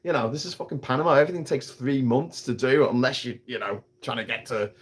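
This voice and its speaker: A man's voice: mid-range voice, fast, husky. A British man holds forth on a casual live stream, broadcasting from outdoors on an island. He rants with plenty of swearing and keeps restarting his sentences as he gets heated. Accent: British English. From Britain. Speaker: livestream host.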